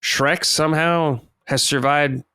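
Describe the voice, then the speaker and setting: A man's voice: on the high side, steady tone, takes it slowly, pushed and bright, smooth, no echo, clean studio sound. A young man co-hosting a podcast, joking around loosely in casual chat and swearing now and then. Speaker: podcast co-host.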